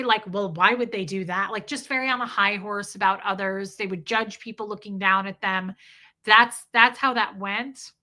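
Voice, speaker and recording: A woman's voice: a little high, pushed and bright. A middle-aged woman hosting a casual livestream, chatting bluntly, swearing freely and reading viewer comments aloud. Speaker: livestream host.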